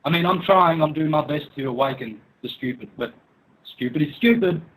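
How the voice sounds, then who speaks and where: A fairly high-pitched man delivers a furious, profane rant as an interview guest. He mocks his targets with scornful laughter and swings into open threats. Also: moderate pace, fairly bright tone, rough recording. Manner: menacing, threatening. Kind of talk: angry rant in an online interview.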